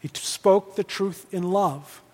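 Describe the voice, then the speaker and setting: Animated high-voiced male pastor in a hall. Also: measured pace. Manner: animated, jokey, acts out quoted dialogue. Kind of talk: conference teaching on leadership. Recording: long hall reverb.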